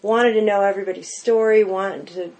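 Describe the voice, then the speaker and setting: A middle-aged woman, a pastry chef guest on a podcast, telling lively anecdotes full of "like" and "you know". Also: mid-range voice, brisk. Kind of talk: casual interview storytelling.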